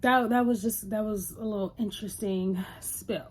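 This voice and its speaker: A woman's voice: medium pitch, fairly even intonation, normal speed, breathy edge. A woman casually recapping a TV episode in a loose, chatty retelling. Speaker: TV reviewer.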